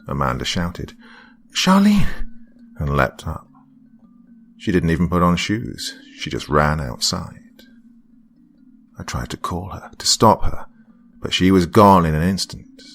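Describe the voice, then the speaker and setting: A man narrating a first-person horror story in a hushed, dramatic way, often slipping into whispers. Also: low-pitched, measured pace. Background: faint background music.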